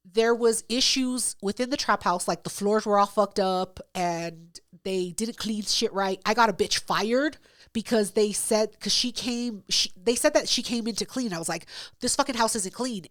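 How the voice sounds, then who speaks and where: A woman's voice: medium pitch, a bit bright, no room sound, studio quality. A woman co-hosting a podcast, telling a story in a blunt, profane, casual way. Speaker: podcast co-host.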